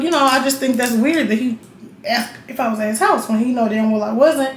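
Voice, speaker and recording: A young woman talks straight to camera, blunt and profane and full of asides to the viewer. Her voice sits a little high. The room adds a roomy echo over a faint hiss of noise. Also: normal speed. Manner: blunt, profane, chatty, keeps checking in with the viewer. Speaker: vlogger. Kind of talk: casual storytelling while getting ready.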